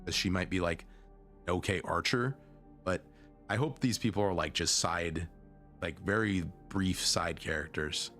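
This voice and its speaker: Young male streamer, low voice, loose rambling chat, faint music bed. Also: unhurried, a bit bright. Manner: rambling, self-interrupting, conversational. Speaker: vtuber streamer. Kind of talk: casual stream commentary.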